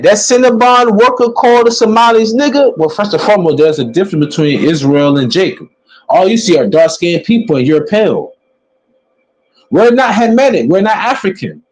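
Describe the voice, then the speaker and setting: Husky, high-voiced preaching man. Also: rough recording. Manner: preachy, stretches words for emphasis. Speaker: religious teacher. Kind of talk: emphatic religious commentary.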